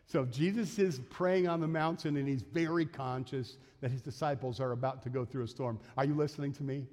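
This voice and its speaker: A man's voice: mid-range voice, brisk, a little mellow, long reverb tail. A man preaching a sermon as a pastor, in a conversational style that acts out quotes and asides. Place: church sanctuary.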